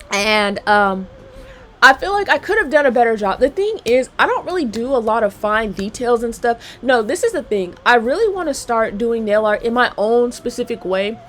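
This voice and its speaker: A woman nail technician chatting casually while working, slangy and checking in with her viewers. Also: medium pitch. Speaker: nail technician and channel host. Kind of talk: casual chat while doing nails.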